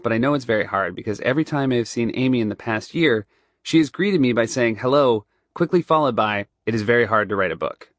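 A middle-aged man with a nasal voice from a broken nose, speaking in a deadpan, wry way in a studio booth. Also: medium pitch, no room sound. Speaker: guest reader. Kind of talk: playful banter, then scripted reading. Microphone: studio microphone.

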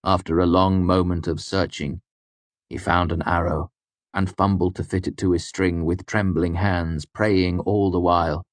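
A man narrating a first-person fantasy story in a measured, grave storytelling manner. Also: low voice, level tone, no room sound. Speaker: audiobook narrator.

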